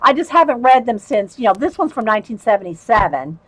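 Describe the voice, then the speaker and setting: A woman's voice: on the high side, very animated, fast, low-quality recording. A woman hosting a casual livestream, chatting with viewers, laughing often and reading letters aloud.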